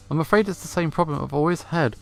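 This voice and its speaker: A man's voice: fairly high pitch, normal speed, gravelly, soft background music. Man reading an earnest cat senator. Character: earnest male cat senator running for president. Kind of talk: visual novel voice-over reading.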